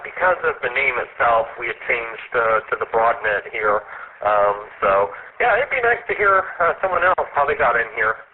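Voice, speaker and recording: Guy on the radio net, kinda halting, tinny sound with a little hiss under it. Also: mid-range voice. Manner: halting, restarts his sentences. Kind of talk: casual on-air radio chat. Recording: tinny radio with faint noise.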